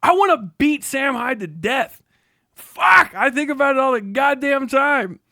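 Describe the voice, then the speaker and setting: High-voiced man in a furious profane rant. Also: lively intonation, unhurried, creaky, dry recording, studio quality. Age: 30s. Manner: profane, shouting insults, bursts of laughter. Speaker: livestream host. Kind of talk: angry livestream rant.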